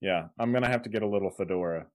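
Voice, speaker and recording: Deep-voiced and rapid-fire, a Kansas podcast co-host keeps the conversation casual. His speech rambles with frequent restarts, and he laughs in the middle of sentences.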